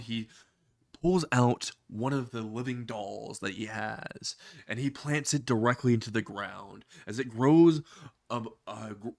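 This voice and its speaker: A man's voice: medium pitch, dry recording, clean studio sound. A man casually narrating a profane comedy what-if story and laughing at his own jokes.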